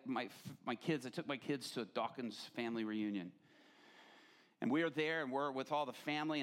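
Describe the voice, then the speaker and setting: A middle-aged man preaching a sermon, telling stories animatedly and rising to near-shouts. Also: medium pitch. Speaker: pastor.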